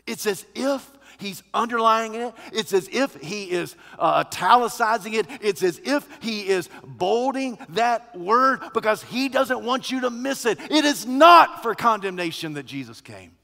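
A male pastor with a fairly high, bright, forceful voice. He teaches calmly at first, then rises to loud, emphatic preaching. His words ring out with long reverb in a large hall. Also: a little slow, vocal fry, few pauses. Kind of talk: sermon.

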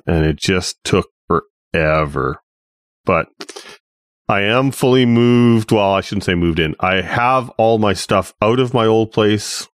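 A man's voice: deep voice, no echo. A man co-hosting a podcast, chatting casually and easygoing, with dry jokes. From Canada. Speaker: podcast co-host. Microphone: home studio mic.

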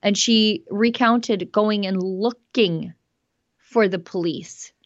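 A woman hosting a news commentary show, talking in an emphatic, animated way. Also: medium pitch, takes it slowly, dry recording, dull audio. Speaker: host.

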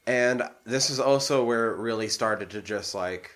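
A man's voice: mid-range voice, moderate pace, fairly bright tone. A man in casual conversation about a film, talking candidly with frequent fillers and some swearing. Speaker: co-host discussing a film. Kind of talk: casual chat.

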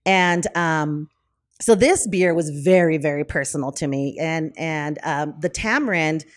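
A woman being interviewed, telling a story casually, full of fillers and self-corrections, and acting out the quoted dialogue in raised voices. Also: measured pace. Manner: lively, acts out quoted dialogue in higher voices. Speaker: brewery owner, podcast guest.

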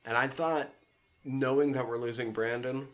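A man co-hosting a casual podcast about superhero shows, easygoing and quick to laugh. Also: mid-range voice, steady tone. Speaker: podcast co-host.

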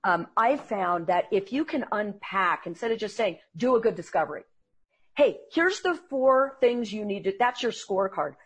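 A woman who trains salespeople, speaking as an interview guest and telling earnest, animated stories. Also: medium pitch, moderate pace, husky.

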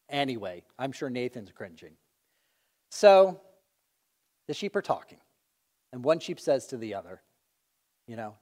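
A man preaching a sermon in a conversational, animated way with light jokes. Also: mid-range voice, moderate pace, long pauses.

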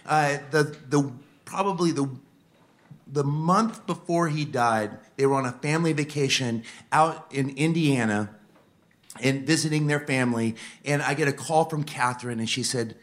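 A man preaching a sermon to a live audience, telling a personal story earnestly, moving from hushed moments to fervent appeals. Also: mid-range voice, moderate pace.

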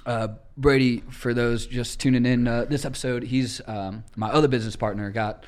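A young man hosting a podcast, telling casual stories with lively acted-out quotes and casual swearing. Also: medium pitch, moderate pace. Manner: animated storyteller, acts out quotes, swears casually. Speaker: podcast host. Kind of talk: casual storytelling chat.

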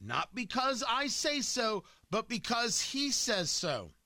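A man's voice: very high-pitched, big pitch swings, slow, bright, forceful tone, no echo, clean studio sound. A man hosting political commentary, combative and emphatic, firing off rhetorical questions and repeating points for effect.

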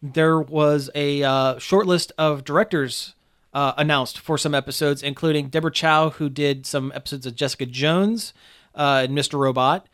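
A man hosts a casual podcast, his voice sitting a little high for a man. He chats along with plenty of "uh" fillers and keeps an excited tone about the news. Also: normal speed. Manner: chatty, lots of uh fillers, enthusiastic about news. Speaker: podcast host.

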